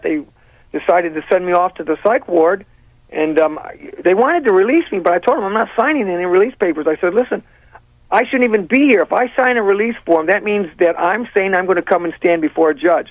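A man as a guest on a talk radio show, telling his story earnestly with halting speech and many restarts. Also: sits high, dry recording, lo-fi sound. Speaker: guest, parent and sheriff candidate.

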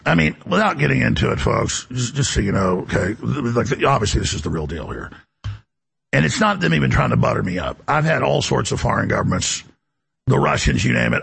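A man hosting a talk show, delivering a rambling, emphatic monologue in a gravelly, raspy voice. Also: mid-range voice, sing-song, fairly quick, a bit bright. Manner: emphatic, boastful, jumps between topics.

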